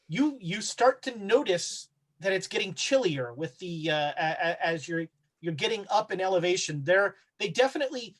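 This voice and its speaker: A man's voice: sits high, fairly bright tone. A man running a tabletop horror game, narrating scenes casually with many fillers and restarts. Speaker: game master.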